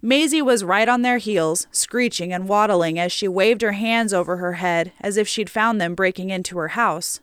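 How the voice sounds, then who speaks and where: A woman reading a story aloud as an audiobook narrator, steady and measured, on a close mic. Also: medium pitch, smooth, no echo.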